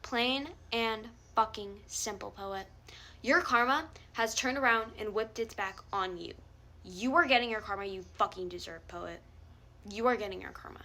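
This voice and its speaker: In a heated rant aimed at someone, a young woman swears often while speaking directly to the camera as a vlogger. Her mid-range voice moves at a normal speed and sounds pushed and bright.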